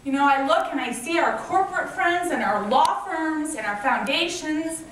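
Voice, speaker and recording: Her voice sits high and a bit bright, with lively intonation and a moderate pace, as this woman in her thirties shares personal stories in a grateful, enthusiastic fundraiser speech. She founded a nonprofit, and the mic catches her from afar in an echoey convention hall, with a little hiss or hum.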